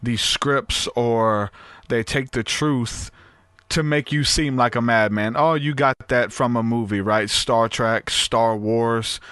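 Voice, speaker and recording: A man's voice: mid-range voice, takes it slowly, fairly bright tone, clear, resonant tone, no echo. A male podcast host reacting to his guest in loose, filler-heavy chat. His voice sits in a middle range and sounds dry and close. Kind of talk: casual chat.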